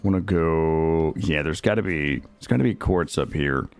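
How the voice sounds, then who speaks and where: A man streaming a game live, excitable, swearing and talking to his chat. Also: very deep voice, unhurried, smooth, faint music behind. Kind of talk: live gameplay commentary.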